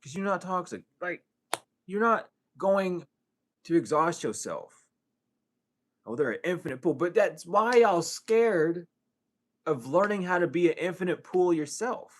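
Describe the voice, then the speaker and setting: A man's voice: animated, measured pace, pauses often. A man giving a casual spiritual reading, profane and streetwise, full of rhetorical questions. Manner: swings from low mutter to high exclaims. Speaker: spiritual reader.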